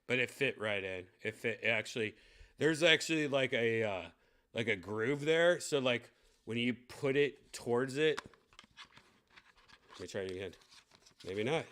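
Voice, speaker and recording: A man's voice: mid-range voice, lively intonation, measured pace, long pauses, bright, forceful tone. A young man giving blunt, profane unboxing commentary, ranting with lots of fillers. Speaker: tech vlogger unboxing a VR headset.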